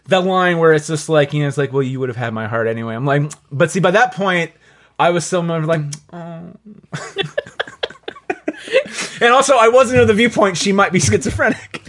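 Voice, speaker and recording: Man, podcast host, casual chat, laughing and swearing, fairly high pitch. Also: moderate pace, long pauses, a little hiss or hum. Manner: animated, laughing, swears freely.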